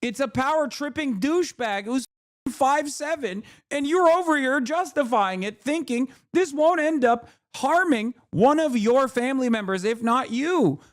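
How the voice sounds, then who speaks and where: A man's voice: very high-pitched, lively intonation, unhurried. A man streaming live, ranting heatedly and with lots of swearing as he argues back at his chat. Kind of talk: livestream commentary, arguing with chat.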